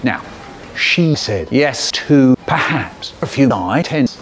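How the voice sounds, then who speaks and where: A British man narrates with a wry, theatrical delivery, and his pitch rises and falls widely as he speaks. Faint background noise hums under his voice. The tone stays that of a casual anecdote. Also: animated, takes it slowly. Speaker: storyteller. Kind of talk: anecdotal storytelling.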